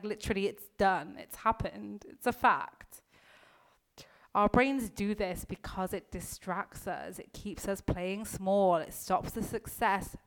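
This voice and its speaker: A woman mindset coach talks straight to her listeners in a loose, casual motivational style. She leans on fillers and drops the odd swear word. Her voice sits at a middling pitch. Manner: casual, heavy filler use, swears freely.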